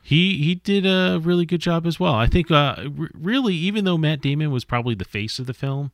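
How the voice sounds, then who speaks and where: A man's voice: fairly high pitch, animated, brisk, no echo, clean studio sound. A man co-hosting a podcast, reviewing a movie casually with frequent stammered restarts.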